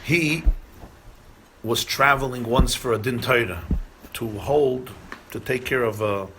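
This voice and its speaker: A man's voice: medium pitch, a little slow, background noise. A man, a rabbi, telling stories at a community gathering, acting out dialogue and mixing in Yiddish and Hebrew phrases. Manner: animated storyteller, acts out dialogue, mixes Yiddish and Hebrew phrases. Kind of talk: storytelling talk at a gathering.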